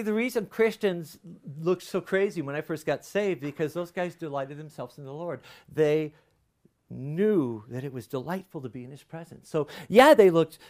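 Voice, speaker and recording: A middle-aged male pastor giving an earnest, conversational sermon, swinging between loud bursts and hushed asides. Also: a little high.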